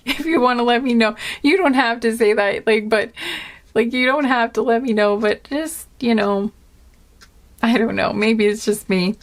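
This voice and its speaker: A woman giving a casual spoken tarot reading to her viewers, gentle and earnest, rambling with many fillers and restarts. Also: on the high side, unhurried. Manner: earnest and emotional. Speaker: tarot reader.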